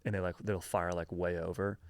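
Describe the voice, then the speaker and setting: A podcast host tells a history story in a rambling, casual, slangy way, loaded with fillers and tossing out "dude" and "bro." His voice is low and creaky with little pitch movement, he talks fairly quickly, and there's no room sound.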